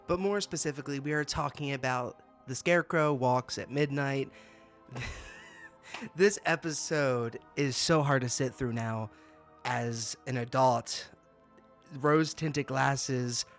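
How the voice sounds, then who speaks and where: A man's voice: mid-range voice, slow, creaky, faint music behind. A young man hosting a casual review channel, exasperated and laughing, often stammering and repeating himself. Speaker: booktuber host.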